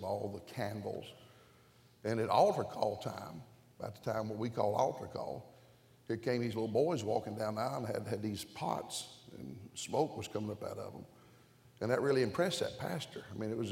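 A preacher with a gravelly voice tells folksy stories and jokes in his sermon. His voice carries into a long-reverberating hall. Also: on the low side, darkish tone. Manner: folksy, jokey storytelling. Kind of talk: storytelling sermon. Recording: echoey church hall.

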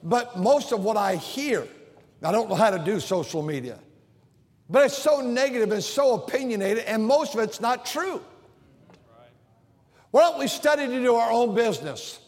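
An older male pastor delivers a sermon with a strikingly high voice. He hammers his points home by repeating phrases. The sound rings with a long hall reverb from the church sanctuary. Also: very animated, moderate pace, long pauses, a little mellow. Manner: emphatic preaching with repeated phrases.

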